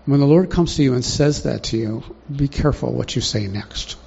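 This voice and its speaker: Gravelly, dark-voiced male preacher. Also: medium pitch, normal speed. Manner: conversational, asks the congregation questions. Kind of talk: sermon. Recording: dull lo-fi recording.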